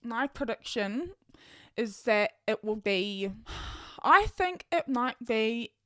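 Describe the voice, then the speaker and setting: A young woman hosts her own podcast, chatting excitedly and thinking aloud with lots of ums. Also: a little high, slow pace, dry recording, studio quality. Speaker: podcast host. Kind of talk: casual solo podcast chat.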